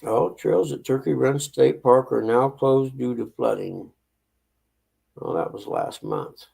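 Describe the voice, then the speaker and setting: A man's voice: mid-range voice, slow, creaky, mellow, husky, low-quality recording. A man hosting a casual live stream, chatting and greeting viewers by name as he reads out messages.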